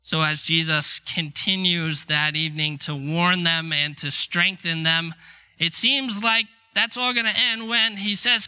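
A man's voice: a little high, little pitch movement, measured pace, bright, forceful tone, clear, resonant tone. A middle-aged man preaching a sermon in a conversational, emphatic way, acting out the quotes he tells. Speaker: pastor.

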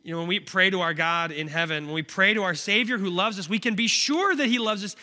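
A man in his thirties gives a sermon as a pastor, his voice sitting high with a sharp tone. The echoey church hall carries his earnest, conversational delivery, punctuated by frequent "right?" check-ins.

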